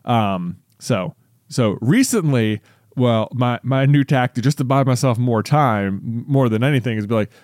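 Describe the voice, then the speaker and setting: A man's voice: mid-range voice, normal speed, a little mellow, no echo, clean studio sound. A man in his thirties chatting casually, telling a story with lots of fillers and restarts. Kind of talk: casual chat.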